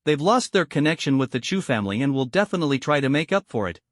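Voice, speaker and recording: A man's voice: mid-range voice, very animated, fast talker, dry recording, clean studio sound, lightly acted. A man voicing a grave old male elder who warns a young fighter, serious and cautionary. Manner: grave, warning.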